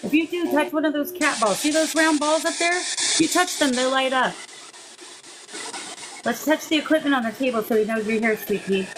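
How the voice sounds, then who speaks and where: A woman hosting a paranormal investigation, gently coaxing a spirit in a soft, encouraging way and calling it "darling.". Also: high-pitched, moderate pace, noisy background. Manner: gentle, coaxing, calls the unseen listener "darling" and "sweet pea". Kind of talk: live spirit-communication session. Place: indoors beside a table of ghost-hunting gear.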